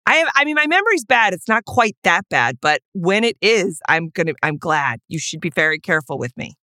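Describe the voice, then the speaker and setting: A woman co-hosting a chatty podcast, with a bright, forward tone. Her pitch swings widely as she teases and jokes. The sound is close and dry, with no room around her. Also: big pitch swings, brisk, dry recording. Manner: playful, wry, self-mocking. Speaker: podcast co-host. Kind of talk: casual chat.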